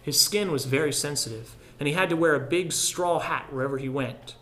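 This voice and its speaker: A man reads a literary story aloud in a somewhat higher-pitched voice. His delivery is measured and reflective, and he turns softer on the solemn passages. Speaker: audiobook narrator.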